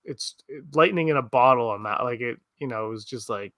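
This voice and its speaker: A man co-hosting a podcast, chatting casually and telling rambling, animated stories full of restarts. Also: mid-range voice, fairly quick, no room sound. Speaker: podcast co-host. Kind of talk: casual chat. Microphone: streamed remote podcast setup.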